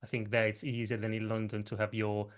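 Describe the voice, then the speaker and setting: A man's voice: on the low side, completely flat delivery, a little fast. A man hosting an online session, reading out audience questions and hesitating as he repeats words, on a video call mic. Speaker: host and moderator.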